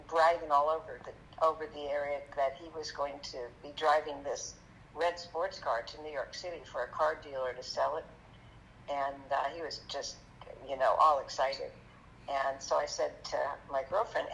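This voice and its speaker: Gravelly woman telling her life story. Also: deep voice, a little hiss or hum, poor audio. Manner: halting, with many fillers, lively when quoting others. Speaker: magician guest. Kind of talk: conversational storytelling interview.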